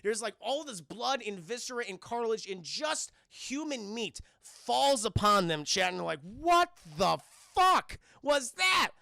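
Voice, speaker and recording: Gravelly high-voiced man recapping on stream. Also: normal speed, hardly any pauses, no echo, clean studio sound. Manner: animated, swears a lot, keeps addressing the chat. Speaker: cartoon reviewer streaming to a live chat. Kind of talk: profane casual recap of an episode.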